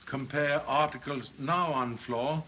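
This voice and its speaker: A man playing a calm, wise middle-aged detective who talks in clipped, proverb-like broken English, in a 1930s film. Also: mid-range voice, slow, a little hiss or hum. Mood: measured. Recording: dull old film soundtrack.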